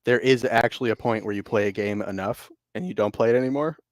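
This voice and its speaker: A man co-hosting a casual chat, telling animated gaming stories, swearing freely and laughing often. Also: lowish voice, fast, no room sound, studio quality. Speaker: podcast co-host.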